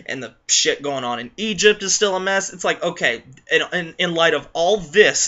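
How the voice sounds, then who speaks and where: A man's voice: fairly high pitch, sharp tone, highs cut off. A man rambling through a casual video rant, with many restarts and fillers. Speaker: vlogger.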